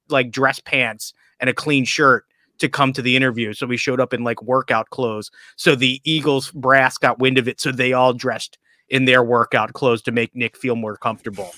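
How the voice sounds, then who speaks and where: A man's voice: mid-range voice, sharp tone, dry recording, clean studio sound. A man co-hosting a casual sports podcast, rambling and correcting himself as he talks, laughing through his stories. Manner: rambling, self-interrupting, laughs while telling stories. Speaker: podcast co-host.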